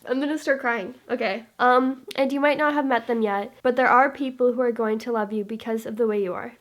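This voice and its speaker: A young woman with a fairly high voice talks to the camera in a book vlog. She is chatty and bubbly and wanders from topic to topic. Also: steady tone, a little fast. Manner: bubbly and chatty, drifts off topic, reads aloud with emotion. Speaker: book vlogger. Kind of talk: casual chat to camera.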